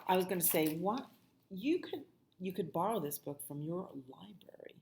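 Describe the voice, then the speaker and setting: A woman librarian reading a picture book aloud at children's storytime, with soft asides to the kids. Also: lowish voice, expressive, background noise. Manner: slow, sing-song, with soft asides to the children.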